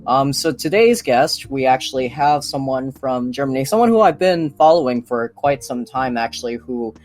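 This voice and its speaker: A young man hosting a podcast, chatting casually in a relaxed, rambling, slangy way. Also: mid-range voice, moderate pace, soft background music. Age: young adult. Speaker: podcast host. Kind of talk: casual chat.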